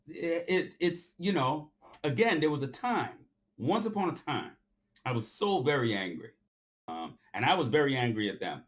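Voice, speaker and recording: Addressing his followers, a male commentator launches into an impassioned, off-the-cuff monologue in a preachy style. His voice sits on the high side and is very animated at a normal pace, repeating phrases for emphasis and swinging between loud outbursts and quiet stretches.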